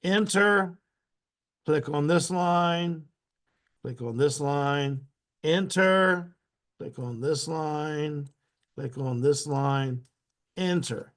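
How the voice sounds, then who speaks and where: A man teaching a step-by-step software tutorial. He repeats each step aloud patiently and keeps clearing his throat. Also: fairly high pitch, drawn-out words, long pauses. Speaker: instructor.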